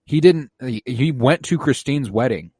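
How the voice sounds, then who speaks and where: Male podcast co-host, casual and laid-back film talk, mid pitch, close dry mic. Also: expressive, moderate pace, mellow, husky, no room sound. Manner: laid-back, swearing, acts out characters' lines. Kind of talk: casual movie review chat.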